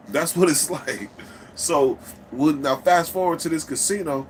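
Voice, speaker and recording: A man's voice: a little high, a little slow, a little hiss or hum. A man casually telling a story, swearing freely and acting out the people in it. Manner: profane, animated, acts out quoted people.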